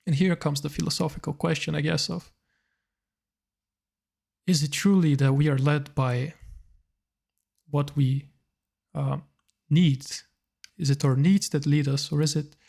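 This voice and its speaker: A man thinking aloud in a reflective personal monologue, hesitant and musing, pausing to search for words. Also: a little high, vocal fry, darkish tone. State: slightly tearful.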